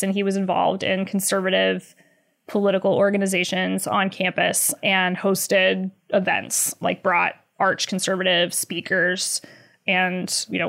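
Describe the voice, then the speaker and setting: A woman in her thirties answering interview questions as a journalist. She talks in a lively, chatty way, leaning on "like" and "you know", with dry, sarcastic laughs now and then. Her pitch sits in the middle for a woman. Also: creaky. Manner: animated, many "like" fillers, sarcastic laughs. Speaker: journalist guest. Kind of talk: conversational interview.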